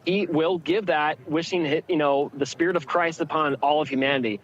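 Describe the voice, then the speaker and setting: A male field correspondent giving a halting live report from outdoors among a packed crowd. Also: a little high, steady tone, highs cut off, slight background noise. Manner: halting, many fillers.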